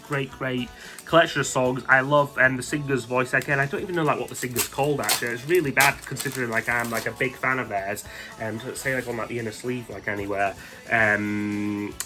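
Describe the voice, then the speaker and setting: Man, mid pitch, tense bright tone, chatty and rambling, faint music bed. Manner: rambling, full of "like" and "um", enthusiastic. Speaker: music vlogger ranking albums. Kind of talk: casual spoken album countdown.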